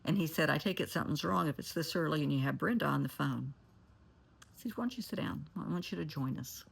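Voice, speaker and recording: A woman's voice: low voice, a little fast, gravelly, breathy edge. A woman therapist recounting a client story and giving blunt, candid advice. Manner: candid, blunt, shifts to forceful warnings.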